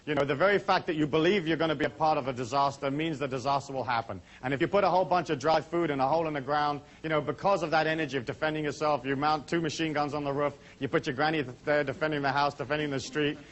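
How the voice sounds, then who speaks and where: Fast-talking man leading a seminar. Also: fairly high pitch, fairly bright tone. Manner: brisk, chatty, full of asides. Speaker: seminar speaker. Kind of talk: talk to a live audience.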